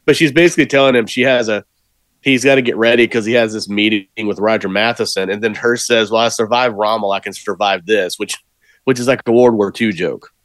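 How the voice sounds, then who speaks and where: A man's voice: fairly low pitch, steady tone, fairly quick, fairly bright tone, dry recording. An American man co-hosting a podcast, rambling and laughing as he explains a film's jokes. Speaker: podcast co-host. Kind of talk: casual movie review chat.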